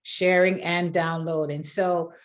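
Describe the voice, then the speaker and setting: This is a woman hosting a podcast in a relaxed interview style. She talks effusively and encourages her guest. She laughs often between remarks. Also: lowish voice, takes it slowly. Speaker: podcast host. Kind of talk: casual interview chat.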